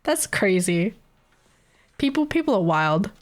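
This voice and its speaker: A woman's voice: medium pitch, sing-song, a little slow. A young woman streaming live, chatting casually with her viewers, chatty and giggly and swearing freely.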